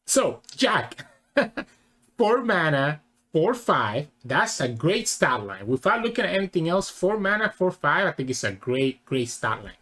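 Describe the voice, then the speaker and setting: A man's voice: fairly high pitch, very animated, unhurried, fairly bright tone. A man hosting a casual reaction video, rambling and correcting himself mid-thought. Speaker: channel host.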